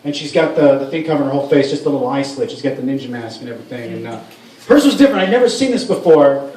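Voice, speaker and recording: A man's voice: medium pitch, expressive, racing, darkish tone, slight background noise. A man doing a stand-up comedy set in a club, rambling and profane with many restarts. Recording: roomy room sound from a far mic.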